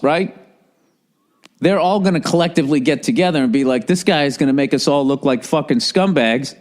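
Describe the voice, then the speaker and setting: A man in his forties delivers a comedic podcast rant, full of sarcasm and swearing. His voice sits a little on the high side for a man, and he talks in an animated way. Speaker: podcast host.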